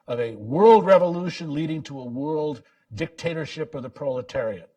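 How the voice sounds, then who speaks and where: Halting man lecturing far off-mic. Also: fairly high pitch, animated. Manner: halting, many restarts, emphatic swings in loudness. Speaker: author giving a book talk. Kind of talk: public lecture. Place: lecture event.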